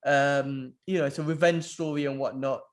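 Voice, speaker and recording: A man's voice: mid-range voice, steady tone, moderate pace. A man, co-hosting a casual podcast chat, laid back and saying "bro" a lot. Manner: laid-back, says "bro" often, enthusiastic about films. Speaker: podcast co-host.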